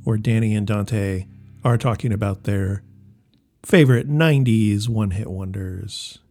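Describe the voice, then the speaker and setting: A man with a slightly raspy voice, co-hosting a casual podcast chat and laughing easily. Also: on the low side, measured pace, a little mellow, soft background music. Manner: laid-back, laughs easily. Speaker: podcast co-host.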